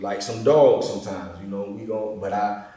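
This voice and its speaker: A man's voice: on the low side, moderate pace. Laid-back man, echoey room, far mic. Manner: relaxed, rambling, frequent "bro" and "you know". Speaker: podcast host. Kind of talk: casual conversation. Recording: roomy echo, mic at a distance.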